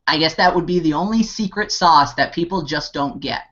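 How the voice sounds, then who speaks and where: A man's voice: fairly high pitch, normal speed, sharp tone, highs cut off. A man giving an impassioned motivational talk on an online hangout, rambling with lots of "you know", fillers and restarts. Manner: rambling, heavy on 'you know' and fillers, restarts; impassioned and pep-talking. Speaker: network marketing team leader.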